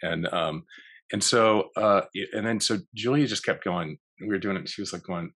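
A man's voice: low voice, brisk, a bit bright, husky. A man, a guest actor, telling rambling backstage stories in an interview, full of restarts and acted-out quotes. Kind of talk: storytelling in a podcast interview.

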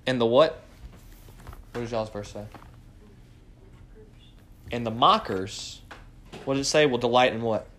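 A man leading a morning Bible study, preaching with lots of rhetorical questions and swinging from quiet asides to loud cries. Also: mid-range voice, measured pace, pauses often, a little hiss or hum. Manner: animated, fires rhetorical questions at the group.

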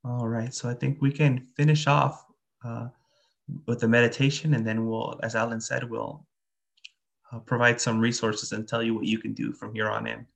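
Gravelly-voiced man giving a dharma talk. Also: medium pitch, flat delivery, normal speed. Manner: earnest, plainspoken, with frequent fillers. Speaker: Buddhist teacher. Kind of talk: dharma talk and guided meditation.

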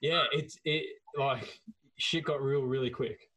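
A man with an Australian accent hosting a podcast, talking in a relaxed, conversational way and swearing casually. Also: mid-range voice, takes it slowly, poor audio. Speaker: podcast host.

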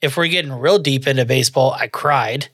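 A man's voice: medium pitch, fairly quick, fairly bright tone, dry recording, studio quality. A man co-hosting a podcast, trading crude jokes full of swearing and laughing a lot. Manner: profane, joking, laughs often. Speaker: podcast co-host. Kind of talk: casual crude podcast banter.

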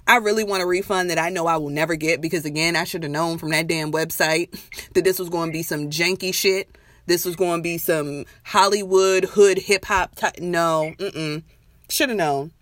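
A woman's voice: fairly low pitch, fairly even intonation, moderate pace, a bit bright, no echo, clean studio sound. A woman in her thirties co-hosting a podcast, ranting bluntly in casual slang. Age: 30s. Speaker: podcast co-host. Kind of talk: casual chat.

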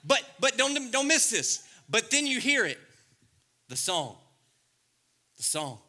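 A middle-aged male pastor preaching a sermon, swinging between loud, excited passages and hushed, intimate ones. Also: very high voice, slow.

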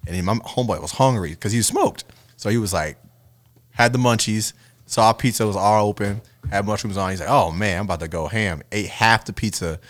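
A man chatting casually with friends, telling stories in an animated way and swearing freely. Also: lowish voice, fairly quick, no room sound. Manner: animated storyteller, swears freely, bursts into loud laughter. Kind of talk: casual chat among friends.

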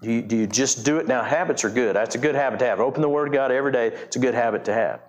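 Man, middle-aged pastor, conversational sermon, repeats and restarts, mid-pitched voice. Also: racing. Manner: conversational preaching with many restarts and repetitions.

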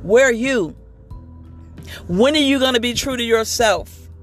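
A woman's voice: a little high, measured pace, faint music behind. A woman giving an inspirational monologue, candid and emphatic, repeating phrases for rhythm like a preacher. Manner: candid and confessional. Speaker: motivational speaker.

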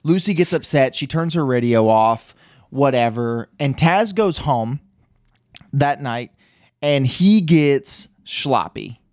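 A man's voice: medium pitch, lively intonation, slow pace, no room sound, studio quality. A man chatting casually as a podcast host, rambling through a movie plot with restarts and laughs. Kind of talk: casual chat recapping a movie.

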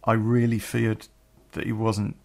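A middle-aged Englishman recounts an old memory in a candid, rambling way, with plenty of swearing. His voice is gravelly, and he takes his time, leaving long gaps between words. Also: fairly low pitch, monotone, measured pace. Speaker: podcast storyteller. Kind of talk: personal storytelling.

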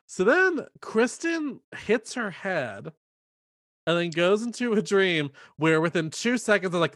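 Animated man recapping a movie. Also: high voice, no echo, studio quality. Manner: animated, mimics characters in quick bursts. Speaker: podcast co-host. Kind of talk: casual movie recap chat.

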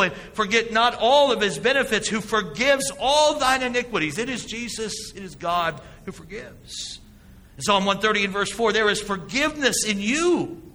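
A man's voice: high voice, bright, forceful tone, in a large hall. A man preaching a sermon as a pastor, with emphatic delivery and rhetorical questions to the congregation. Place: church sanctuary.

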